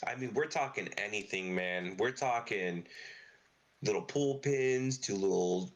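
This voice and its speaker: A man's voice: lowish voice, measured pace. A middle-aged man, a guest on a podcast, telling long casual stories full of fillers and swearing. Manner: swears freely, rambling anecdotes with lots of fillers. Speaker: podcast guest, car parts business owner. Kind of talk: casual storytelling interview.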